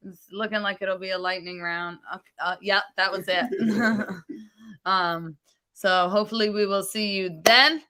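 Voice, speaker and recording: A woman's voice: mid-range voice, fairly even intonation, unhurried, pushed and bright. A woman co-hosting a virtual poetry open mic with a New York accent, chatting casually with fillers and frequent laughs. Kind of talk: casual live-stream hosting.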